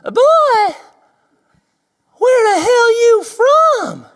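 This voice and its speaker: A man voicing a gruff small-town male gas station attendant, loud and drawling. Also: very high-pitched, sing-song, drawn-out words, voice pushed up, full character voice. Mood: incredulous.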